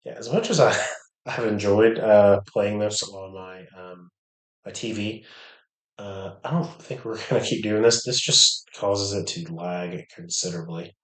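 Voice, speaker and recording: A man casually commenting on his own online poker game, thinking aloud with many hesitations and low mutters. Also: a little slow, echoey room. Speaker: poker streamer.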